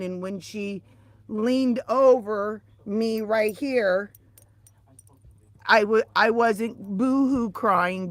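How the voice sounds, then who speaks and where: A woman telling a story on a casual livestream, animated and profane, swinging from loud outbursts to quiet asides. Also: medium pitch, no echo.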